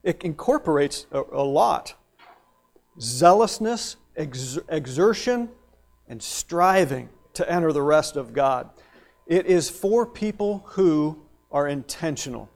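Male pastor, sermon, slightly higher voice, conversational with playful asides. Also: lively intonation, slow, creaky, darkish tone.

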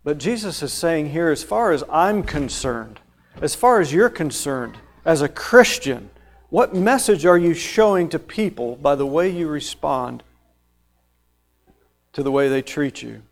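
A male preacher with a slightly higher voice, delivering a sermon that walks through scripture verse by verse. He presses key phrases with rising force, then drops back to quieter explanation. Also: lively intonation, measured pace. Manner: emphatic, rising to loud stressed phrases then dropping low.

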